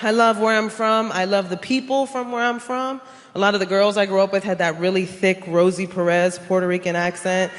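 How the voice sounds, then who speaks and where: This comedian from New York's South Bronx speaks at medium pitch in a steady tone, teasing the crowd with brash, rapid punchlines and playful impressions. She's performing in a big theater, and the stage mic picks up roaring audience laughter.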